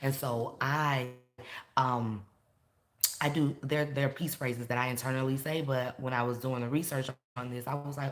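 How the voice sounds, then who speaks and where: A woman in her thirties talking casually to camera, animated, laughing and swinging between loud and soft. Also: very deep voice, moderate pace. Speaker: vlogger.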